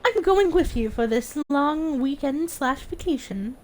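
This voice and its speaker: Woman doing a squeaky stammering eager girl. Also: lively intonation, measured pace, darkish tone. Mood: excited, pushy. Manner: stammering, eager, bursting outbursts. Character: high-pitched excitable young woman friend.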